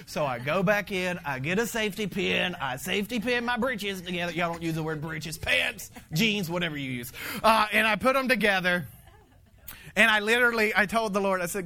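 A man preaching a conversational sermon, animated, laughing often and swinging from loud to hushed. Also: high-pitched, moderate pace. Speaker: pastor.

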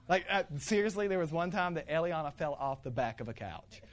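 A male pastor delivering a sermon, weaving in humorous family stories. He laughs readily and acts out the scenes with lively, animated energy. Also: a little high, fairly quick, few pauses. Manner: animated, playful storytelling with laughter.

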